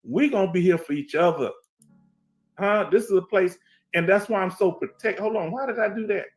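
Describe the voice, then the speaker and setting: At a moderate pace and high pitch, with soft background music, a middle-aged veteran from Houston, Texas hosts a casual livestream using a headset. In Houston Black American English, he reads chat, talks emphatically, repeats himself heavily and asks "you understand?" in a streetwise way.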